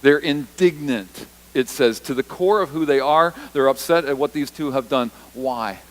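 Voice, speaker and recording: A man's voice: mid-range voice, normal speed, poor audio. A man preaching a sermon in a church, talking conversationally, repeating points for emphasis, and acting out quoted lines. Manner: acts out the disciples' and Jesus's lines in short quoted voices. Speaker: pastor.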